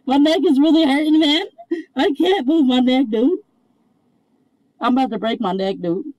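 A woman's voice: high voice, normal speed, mellow, dry recording, poor audio. A young woman in pain, crying and begging over and over from the back of a moving police car. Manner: begging, repeating herself. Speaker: detained woman.

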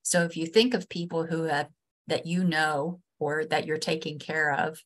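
A woman trainer with a West Virginian accent giving a webinar lesson over a video call, earnest and halting, with many restarts and fillers. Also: deep voice, steady tone. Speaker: state ombudsman and trainer.

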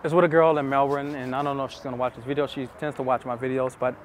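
A dating coach tells stories casually to camera in an earnest, intimate manner, repeating phrases for emphasis. His medium-pitched voice is flat and rapid-fire, with background noise.

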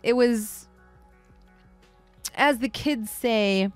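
A woman's voice: on the high side, drawn-out words, smooth, faint music behind. A woman hosting a comic book show, giving a blunt, sarcastic and profane casual review.

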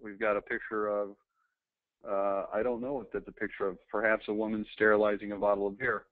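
Reading old ads aloud, a man tosses in offhand remarks punctuated by hesitant fillers. His lowish voice moves little in pitch and runs a little fast, over a dry, tinny, phone-like recording.

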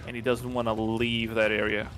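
A man's voice: fairly low pitch, flat delivery, moderate pace, a bit bright. A man co-casting a tournament live, explaining game mechanics and strategy in an analytical way. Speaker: esports co-caster and analyst. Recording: clear background noise on the mic.

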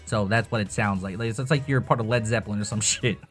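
A man's voice: on the low side, quick pace, a bit bright, faint music behind. A young man talking casually about voice acting with a voice changer, rambling and swearing. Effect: voice changer tests. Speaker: YouTuber. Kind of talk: casual tutorial chat.

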